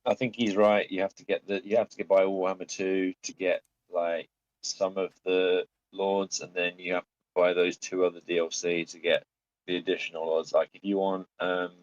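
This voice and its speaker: Guy, really deep voice, muffled dull voice chat mic, matter-of-fact. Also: little pitch movement, normal speed, no room sound. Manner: matter-of-fact, checks facts aloud. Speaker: co-host in voice chat. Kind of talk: casual gaming chat.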